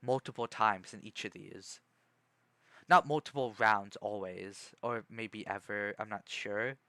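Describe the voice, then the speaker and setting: Slow-talking, bright-voiced male streamer. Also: lowish voice, no room sound. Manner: rambling, self-correcting, many "you know"s. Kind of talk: casual chat while reading a book aloud.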